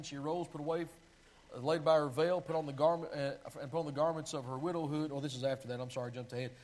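A man's voice: a little high, darkish tone, rough recording. A man preaching a sermon, reading long scripture passages aloud in a pleading voice and often stopping to correct himself while finding his place. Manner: reads scripture aloud with pleading, sinking delivery; restarts and self-corrections while finding verses.

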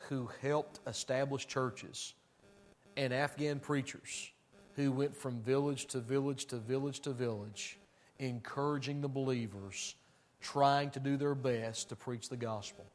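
A man preaching a sermon, emphatic and conversational, swinging between loud declarations and hushed, somber passages. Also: medium pitch, fairly even intonation, unhurried. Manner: conversational asides to the congregation.

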